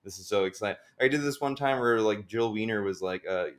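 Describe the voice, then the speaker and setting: Male comedian guest, lower voice, rambling casual podcast talker. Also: a little fast. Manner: rambling, many filler likes, laughs often.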